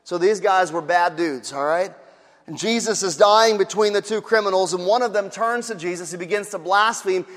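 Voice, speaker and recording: A man's voice: high-pitched, normal speed, a bit bright, in a large hall. A male pastor preaching a sermon in a conversational, emphatic way with rhetorical asides.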